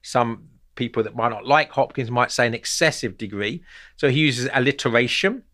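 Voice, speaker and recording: A man's voice: mid-range voice, moderate pace, sharp tone. A man hosting a talk on poetry, explaining unscripted and thinking aloud with many repeated words.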